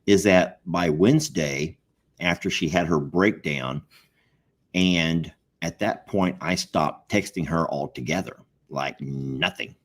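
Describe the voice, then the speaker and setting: A man's voice: low-pitched, slow. A man co-hosting a casual chat, joking and acting out quoted texts in a raised voice. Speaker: co-host.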